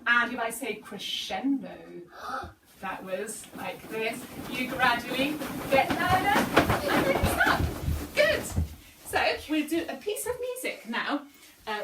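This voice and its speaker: A woman teaching a children's music class, calling out cues in a lively, encouraging way. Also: mid-range voice, background noise. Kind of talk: group music lesson with children. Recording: echoey room, distant mic, loud music. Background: loud music.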